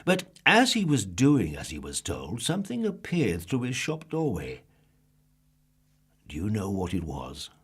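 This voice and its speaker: A storybook narrator, a man with a low, husky voice, reads a children's story aloud at an unhurried pace. His pitch swoops in huge swings, and he draws out words while asking the listener playful questions.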